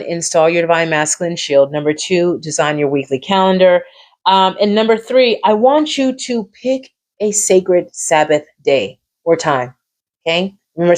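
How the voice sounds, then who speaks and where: A woman hosting a live coaching stream, encouraging and repetitive, reacting warmly to viewers in the chat. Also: on the low side. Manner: encouraging, repeats phrases, lively reactions to viewers.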